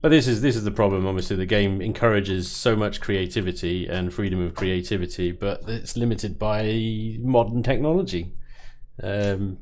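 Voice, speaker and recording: A man hosts a game stream in easy, casual chat. His voice sits on the low side. He jokes a lot and gets enthusiastic. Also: moderate pace, darkish tone. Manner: joking, enthusiastic. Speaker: stream host.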